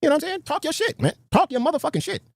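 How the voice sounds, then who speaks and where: A man in a played stream clip, ranting in an animated, profane way. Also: very high voice, very fast, vocal fry, no echo, studio quality. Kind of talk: animated rant.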